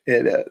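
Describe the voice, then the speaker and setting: On a live stream, a man vents in a casual, rambling monologue, swearing often and tacking "right?" onto his sentences.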